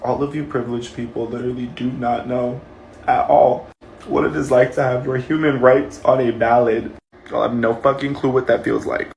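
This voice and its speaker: Tearful, swearing man venting to camera; gravelly voice, echoey room. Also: medium pitch, little pitch movement, moderate pace, a little mellow, slight background noise. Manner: angry, swearing, impassioned. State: close to tears. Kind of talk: emotional vlog rant.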